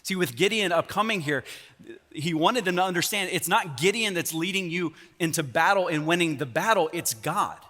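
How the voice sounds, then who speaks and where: A man's voice: high-pitched, animated, moderate pace, pushed and bright. A man preaching a sermon as pastor, telling the story with sarcastic humor in a church. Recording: long church hall reverb.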